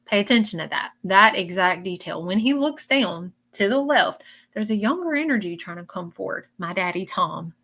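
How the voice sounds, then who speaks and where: Gravelly woman giving an emotional reading. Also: medium pitch, expressive, normal speed, fairly bright tone. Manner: emotional, repeats phrases, addresses viewers as y'all. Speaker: psychic medium. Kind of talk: live-stream reading.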